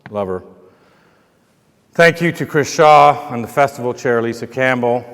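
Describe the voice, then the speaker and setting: A man giving a festival lecture in a rambling, self-mocking way, often pausing with fillers. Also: mid-range voice, expressive, gravelly. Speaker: keynote lecturer. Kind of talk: informal speech with anecdotes. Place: large festival lecture hall. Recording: reverberant lecture hall.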